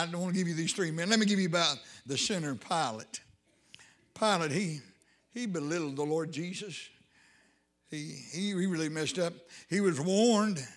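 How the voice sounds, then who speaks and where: A man's voice: on the high side, normal speed, fairly bright tone. A man preaching a sermon in an emphatic, rising style, with folksy Southern grammar.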